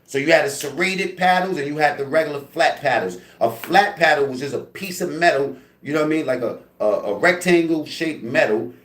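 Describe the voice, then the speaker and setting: A man's voice: on the high side, fairly quick, hardly any pauses, roomy sound. A man telling a story from prison in a casual, profane way, acting out the sounds with lots of "you know what I mean". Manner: animated, profane, acts out voices and sounds, many fillers.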